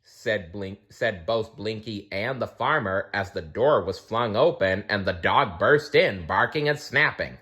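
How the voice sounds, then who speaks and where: A man reading a children's storybook aloud, expressive, with small slips and restarts. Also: on the low side, measured pace, few pauses.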